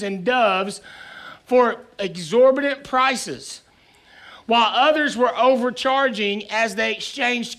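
A male pastor preaching to his congregation, telling a funny story in an animated, self-deprecating way with frequent chuckles. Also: very high-pitched. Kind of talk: sermon with humorous storytelling. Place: church sanctuary before a live congregation.

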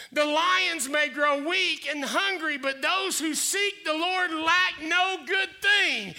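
A male pastor preaching a sermon, building to loud shouted declarations and growing out of breath. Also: very high-pitched, slow pace, vocal fry, hardly any pauses. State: getting out of breath.

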